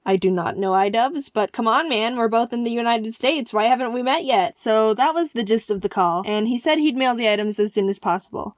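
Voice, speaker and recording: A young woman narrating a comedic storytime in an excitable, giggly, self-mocking way. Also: a little high, a little fast, no room sound, clean studio sound. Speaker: animated storyteller.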